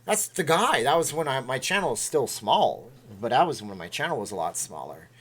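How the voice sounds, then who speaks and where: Chatty man with a lively, bouncing voice. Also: mid-range voice, fairly quick. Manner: rambling, chatty, reacting aloud to chat. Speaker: livestream host. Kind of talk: casual livestream chat, reading viewer comments.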